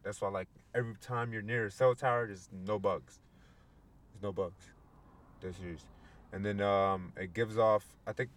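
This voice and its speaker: A man's voice: on the low side, a bit bright. A young man chatting casually, rambling and slangy with plenty of profanity. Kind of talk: casual chat.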